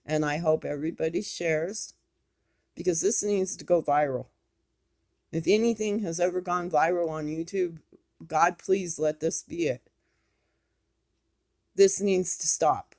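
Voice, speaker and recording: A woman's voice: fairly low pitch, a little slow, long pauses, darkish tone. A woman, speaking in an impassioned, scolding commentary vlog. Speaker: YouTube commentator.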